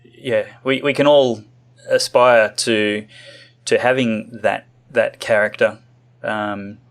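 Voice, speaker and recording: A man hosting an interview, speaking haltingly with many restarts. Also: on the low side, fairly even intonation. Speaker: interview host. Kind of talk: interview conversation.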